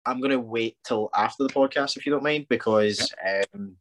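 A man's voice: mid-range voice, normal speed. A man, a sniffly podcast guest getting over a cold, talking in an eager, upbeat way. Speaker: guest, wrestler and promoter. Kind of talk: casual chat.

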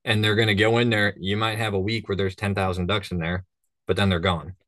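A man's voice: lowish voice, little pitch movement, brisk, a bit bright, no echo, studio quality. A man from northern Minnesota, a hunting guide, talking casually and rambling through stories. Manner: rambling storyteller, acts out voices. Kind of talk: casual podcast chat.

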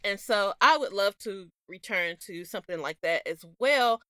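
Chatty Southern woman with a Southern accent, giggly podcast co-host, bright and animated. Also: mid-range voice, moderate pace, clean tone, dry recording, clean studio sound. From American South. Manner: giggly, chatty, laughs often. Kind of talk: casual chat.

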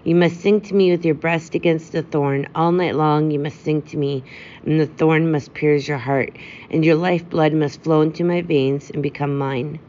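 A woman's voice: sits low, steady tone, normal speed, a little mellow, natural voice. A woman reading as a grave, frost-bitten rose tree. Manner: grave, solemn warning tone. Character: wintry red rose tree, grave and solemn. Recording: dull lo-fi with faint hiss.

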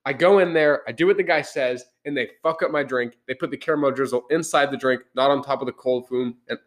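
A man's voice: medium pitch, fast talker. A young man hosting a podcast, telling a heated story in casual chat. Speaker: podcast host. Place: podcast room.

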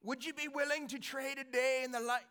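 Rousing scottish warrior chief, a guy putting it on, high, bright, loud drawn-out battle cry. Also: steady tone, clean tone. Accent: put-on Scottish. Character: rousing male warrior leader rallying troops. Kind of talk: sermon anecdote impression.

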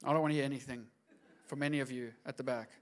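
A man pastor preaching a lively sermon in church, dropping to soft asides and rising to loud urging, acting out quoted dialogue. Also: mid-range voice, quick pace. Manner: acts out voices in quoted dialogue. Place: church service.

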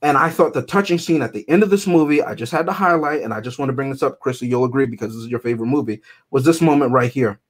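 A man co-hosting a podcast in casual chat, animated and joking with exaggerated outbursts. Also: mid-range voice, fast, few pauses. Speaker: podcast co-host.

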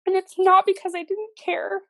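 A woman's voice: very high voice, flat delivery, normal speed, bright, forceful tone, no room sound. A middle-aged woman telling her personal story as a podcast guest, earnest and emphatic, repeating phrases for stress.

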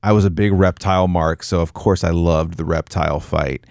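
A man's voice: deep voice, fairly even intonation, normal speed, a little mellow, no room sound, clean studio sound. A man chatting casually about a movie as a podcast co-host, rambling loosely and swearing freely.

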